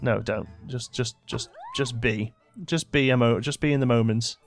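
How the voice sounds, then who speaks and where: A man's voice: mid-range voice, fairly even intonation, moderate pace. A young man giving casual gameplay commentary, bossing his in-game characters around with mock exasperation. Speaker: let's play host.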